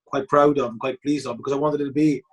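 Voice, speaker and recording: A man, a film director telling stories in a casual interview, animated and chatty, with frequent restarts. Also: medium pitch, fast talker. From Wales. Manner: animated, chatty, many restarts and re-enacted quotes.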